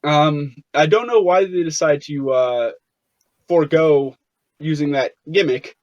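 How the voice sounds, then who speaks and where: A man's voice: on the high side, measured pace, darkish tone, no room sound. A young man as an interview guest, telling stories casually, with many fillers and restarts. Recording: dull, lo-fi sound.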